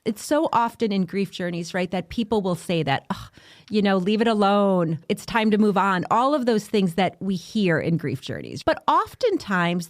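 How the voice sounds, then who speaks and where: Woman podcast host; measured, reflective questions, dry close-miked voice. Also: mid-range voice, no echo. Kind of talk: interview conversation.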